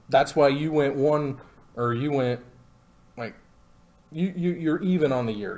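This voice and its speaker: Man, live card game commentator, chatty, rambling, lots of fillers, slow delivery, very animated pitch. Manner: chatty, rambling, with many fillers and jokey asides. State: has the hiccups. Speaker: stream commentator.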